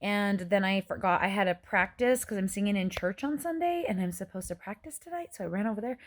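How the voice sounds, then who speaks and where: A woman's voice: mid-range voice, a little fast, no room sound, clean studio sound. A woman in her forties chatting casually through a food diary vlog, often sounding a little out of breath. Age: 40s. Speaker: vlogger. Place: various rooms and a dance studio.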